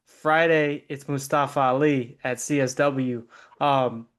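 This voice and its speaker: A man's voice: mid-range voice, fairly even intonation, slow pace. A man hosting a wrestling podcast, asking questions in an easygoing way with many ums. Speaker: podcast host. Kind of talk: interview hosting.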